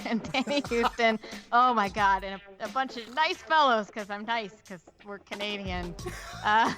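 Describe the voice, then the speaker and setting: A woman's voice: a little high, pushed and bright, full character voice. A woman doing a cheap, giggly Canadian bit. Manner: keeps breaking into giggles, chirpy apologies. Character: cheap jokey Canadian woman reading stats. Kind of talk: comedy podcast bit.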